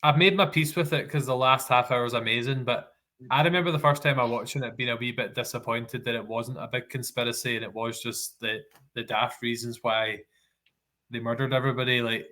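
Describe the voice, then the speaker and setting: A man with a Scottish accent talks casually about a film on a podcast. He rambles and corrects himself as he goes. His voice is bright and sits at a middle pitch. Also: fairly even intonation, fairly quick. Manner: rambling, self-correcting, laughs easily. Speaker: podcast co-host.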